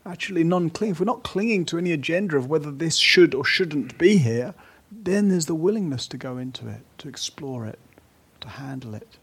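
A man giving a gentle, unhurried meditation talk at a retreat, now and then dropping to a soft whisper. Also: a little high, expressive, slightly rough. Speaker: meditation teacher.

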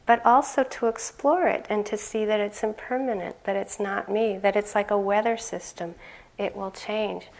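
An older woman giving a conversational dharma talk as a meditation teacher, laughing often and growing animated as she tells stories. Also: medium pitch, normal speed, gravelly.

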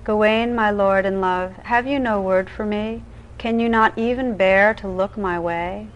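A tender, wise enchanted bride from an old legend speaks with quiet earnestness, voiced lightly by a woman reading aloud. The voice sits at an ordinary middle pitch, gentle and unhurried. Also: highs cut off, close to an everyday voice.

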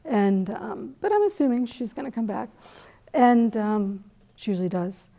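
Middle-aged lady from new england giving a dharma talk, relaxed warm tone, lots of little asides. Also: on the high side, moderate pace. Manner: conversational, animated storytelling with laughs and asides. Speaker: meditation teacher. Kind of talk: dharma talk, personal story.

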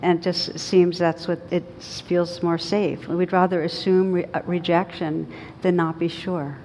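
A woman's voice: flat delivery, measured pace, a little mellow. A woman meditation teacher giving a dharma talk, telling stories and laughing at her own punchlines. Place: large meditation hall. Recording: reverberant hall, muffled, faint rumble.

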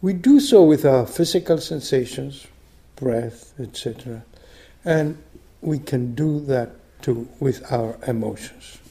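Soft-spoken older man, slow dharma talk. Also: medium pitch. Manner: soft, unhurried, phrase ends dropping to a whisper. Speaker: meditation teacher. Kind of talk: dharma talk, reading a story aloud.

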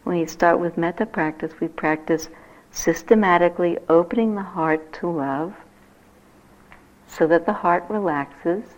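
Older woman meditation teacher, fairly low voice, gentle reflective delivery, dull lo-fi recording. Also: measured pace. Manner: gentle reflective teaching, lively when telling stories. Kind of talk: dharma talk.

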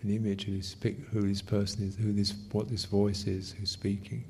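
A man teaching meditation in a question-and-answer session, speaking gently in short, halting phrases with soft laughs. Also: lowish voice, little pitch movement, creaky, slight background noise. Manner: gentle, unhurried, often laughs softly. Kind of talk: dharma Q&A teaching.

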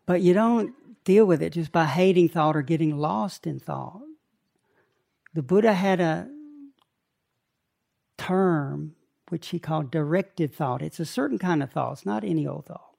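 Older male meditation teacher, unhurried delivery, gravelly voice, fairly high pitch. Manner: slow, gentle, pausing between short phrases. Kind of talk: guided meditation talk.

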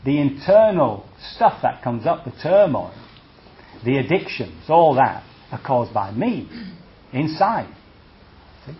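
A man's voice: medium pitch, takes it slowly, pauses often, muffled recording. A man, a Buddhist monk, giving a conversational dharma talk, checking in with his listeners and acting out reactions with humor. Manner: conversational, checks in with "see?" and "okay?"; lively, acts out reactions with humor.

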